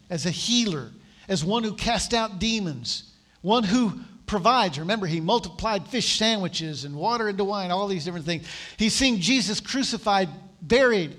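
A man's voice: high voice, a bit bright. A man preaching a sermon in a conversational, storytelling way, acting out the voices of the people he quotes. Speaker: pastor.

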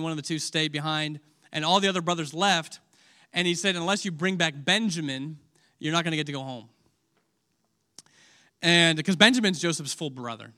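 Emotional male preacher, bright high voice. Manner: emotional, swings from loud to hushed; asks audience questions. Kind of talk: sermon.

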